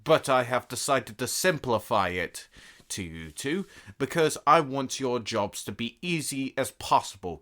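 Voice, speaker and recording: A man's voice: medium pitch, pushed and bright. A man playing a pompous, sarcastic emperor. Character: proud, theatrical male emperor. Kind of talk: fan audio drama acting.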